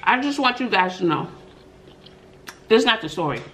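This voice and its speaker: A middle-aged woman hosting an eating show, chatting and telling stories between bites, with drawn-out "mm-mm" asides. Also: medium pitch, very animated, fairly bright tone, slight background noise. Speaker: mukbang host. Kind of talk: chatty storytelling while eating.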